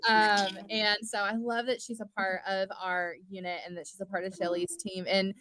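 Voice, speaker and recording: A woman's voice: mid-range voice, level tone, moderate pace, fairly bright tone. A woman chatting casually and bubbly about skincare as a co-host. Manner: bubbly, chatty, self-deprecating. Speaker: skincare business leader, co-host. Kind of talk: casual livestream chat.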